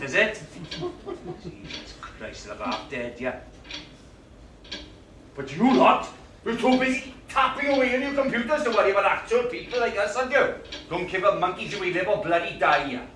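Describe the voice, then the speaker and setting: Male actor as a gruff, swearing old grump, high and sharp, caught live from far off in an echoey theatre. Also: slight background noise. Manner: gruff, complaining, swearing, bossy. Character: cantankerous older British man in hospital waiting room. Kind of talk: live stage monologue. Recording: roomy live stage sound, distant mic.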